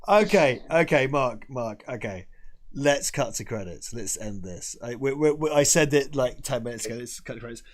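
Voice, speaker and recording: A man's voice: medium pitch, a little fast, hardly any pauses, darkish tone. Laughing man in tipsy banter. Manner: laughing, rambling, slightly drunk banter. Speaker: stream co-host. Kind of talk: casual chat.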